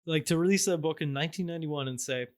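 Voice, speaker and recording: A man's voice: a little high, fast. A young man from Canada co-hosting a podcast, chatting casually with many fillers and restarts. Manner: relaxed, hesitant, frequent fillers and restarts. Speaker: podcast co-host. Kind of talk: casual chat.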